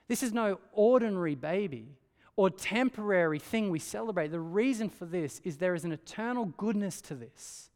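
A man preaching a sermon in a conversational way, often asking rhetorical questions. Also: sits high. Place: church hall. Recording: long church-hall reverb.

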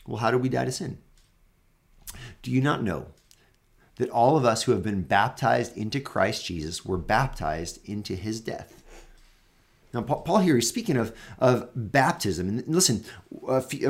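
A man with a creaky, medium-pitched voice hosts a Bible teaching show. His talk is casual and earnest, full of fillers and restarts, and he grows emphatic on key points.

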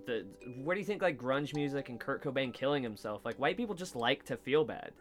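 A man's voice: medium pitch, brisk, soft background music. A man hosting a casual comedy podcast, rambling and swearing as he acts out little exchanges, recorded in a basement studio. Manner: rambling, swears often, animated quoting. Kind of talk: casual chat.

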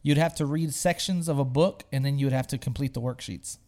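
A young man, chatting casually and telling an animated story, swearing freely and shouting out the voices of the people he quotes. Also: mid-range voice, brisk. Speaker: storyteller guest. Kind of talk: casual podcast chat.

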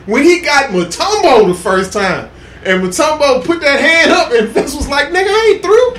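A man on a podcast, telling excited sports stories in casual chat, acting out quotes and laughing loudly. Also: very high voice, normal speed. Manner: excitable storytelling, loud laughs and acted quotes. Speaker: podcast co-host. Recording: echoey room with faint hiss.

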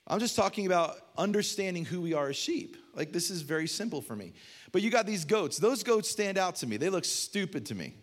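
Animated man preaching a sermon. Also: fairly quick. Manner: storytelling with humor, animated swings from low to loud. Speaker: pastor.

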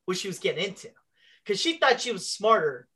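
Animated woman telling a workplace story. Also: mid-range voice, fairly quick. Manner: animated, swears, acts out both sides of a dialogue; exasperated, sarcastic. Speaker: storyteller on a talk show. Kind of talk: casual storytelling chat.

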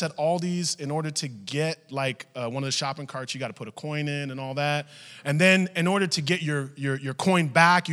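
A male pastor telling a family story in a sermon, animated and acting out the voices of his wife and daughters. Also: on the high side, in a large hall.

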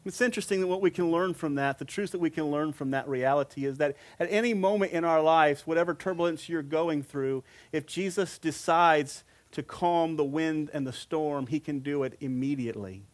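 A middle-aged man preaching a sermon, repeating phrases for emphasis and slowing down to stress scripture quotes. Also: fairly high pitch.

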